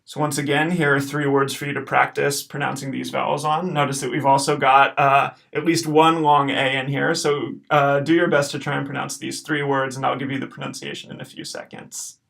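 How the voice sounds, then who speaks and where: A man teaching a recorded language lesson, patiently explaining and slowly repeating each word. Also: mid-range voice, flat delivery, creaky, fairly bright tone. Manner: patient, encouraging, slows to repeat words. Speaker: Latin teacher.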